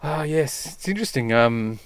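A man's voice: medium pitch, moderate pace, slight background noise. A man, a comedian guest chatting in a studio, telling stories and acting out the people in them. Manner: animated storyteller, acts out quotes. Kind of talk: casual chat. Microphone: studio mic.

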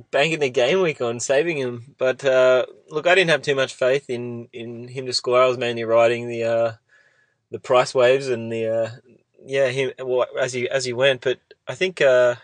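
An Australian man talking as a podcast host in a mid-pitched, everyday voice. He rambles easily and breaks into laughter often. The sound is close and dry, with no room around it. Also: steady tone, moderate pace, no echo. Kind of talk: casual sports chat.

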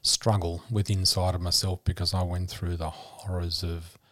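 A man's voice: deep voice, level tone, normal speed, dry recording. A middle-aged man tells his personal story openly and emotionally, calling the listener honey and sweetheart. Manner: emotional, warm terms like honey and sweetheart, many restarts. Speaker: podcast guest sharing his story. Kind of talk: candid conversational storytelling.

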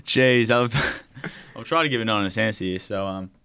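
Hesitant young Australian man, smooth voice. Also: fairly low pitch, bright, forceful tone, dry recording. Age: young adult. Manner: hesitant, full of pauses and fillers. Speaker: footballer guest. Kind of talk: casual podcast interview.

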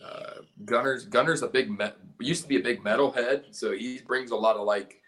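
A man's voice: medium pitch, normal speed, a bit bright. A man from California with a Southern drawl, a punk band guitarist rambling and laughing in a casual podcast chat. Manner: rambling, profane, laughs often.

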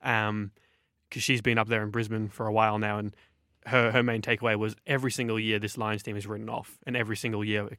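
An Australian man hosts a sports podcast, breaking down games with eager, confident opinions in long runs. His voice sits a little low for a man. It is recorded close and dry, with no room echo. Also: flat delivery, quick pace, bright, forceful tone. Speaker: sports journalist and podcast host. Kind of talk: casual sports podcast analysis.

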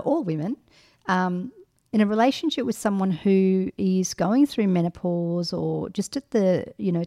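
Middle-aged woman, podcast co-host, frank casual advice, mid-pitched voice, lots of ums. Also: dark tone. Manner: frank, many ums and restarts.

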